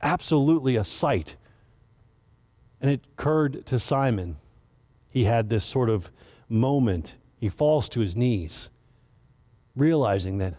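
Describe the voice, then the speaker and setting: A man's voice: mid-range voice, lively intonation, a little slow, long pauses, dark tone. Earnest man telling a sermon story. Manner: casual and earnest, with many restarts and stumbles. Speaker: director of children's ministry giving the message.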